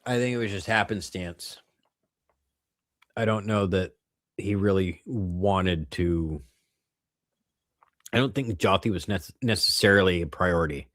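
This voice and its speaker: A man's voice: deep voice, a little slow, pauses often, a bit bright, dry recording, studio quality. A tired man co-hosting a podcast, reflecting on things and tripping over his words. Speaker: podcast co-host. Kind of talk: casual chat.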